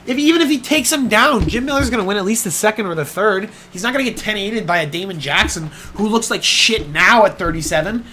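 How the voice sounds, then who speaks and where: A tired man with a fairly high voice rants bluntly about fight bets, swearing freely and sounding exasperated. He yawns his way through, drowsy from a sore throat. A faint hiss sits behind him. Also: brisk, hardly any pauses, pushed and bright. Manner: blunt, profane, exasperated ranting. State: tired and yawning from strep throat. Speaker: sports betting commentator. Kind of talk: casual betting talk.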